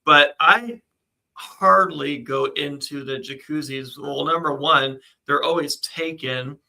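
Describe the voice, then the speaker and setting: A man's voice: on the high side, slow, gravelly, sharp tone, poor audio. A man co-hosting a casual live chat, reading out news items and laughing often. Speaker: co-host.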